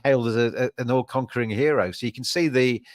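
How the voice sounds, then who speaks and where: A man hosting a podcast, talking in a measured way with frequent ums and restarts. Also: medium pitch, no room sound, clean studio sound. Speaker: podcast host. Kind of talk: casual podcast chat.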